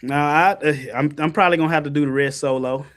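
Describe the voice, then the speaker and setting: A man teaching Bible study in an animated, colloquial way, speaking on a video call. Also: a little fast. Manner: lively, colloquial, jumps high in pitch for emphasis, laughs often.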